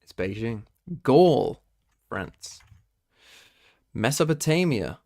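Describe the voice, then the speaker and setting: A man's voice: medium pitch, very animated, slow pace, gravelly, warm tone. British male streamer quizzing chat. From Britain. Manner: swearing, quizzing himself aloud and talking to chat. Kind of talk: casual live-stream chat.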